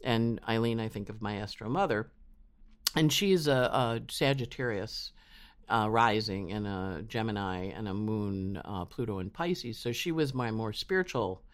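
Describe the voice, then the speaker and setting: A man being interviewed as an astrologer, telling his story casually and acting out quotes in animated voices. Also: on the low side, unhurried. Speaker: astrologer guest. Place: home in New York.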